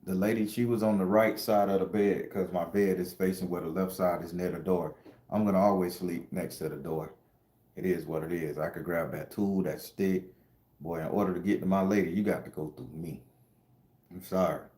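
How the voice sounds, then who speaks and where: A man's voice: low-pitched, steady tone, moderate pace, mellow, echoey room. A middle-aged man hosting a spiritual livestream, telling an emotional story in slangy casual talk and addressing viewers directly. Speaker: spiritual channel host and tarot reader.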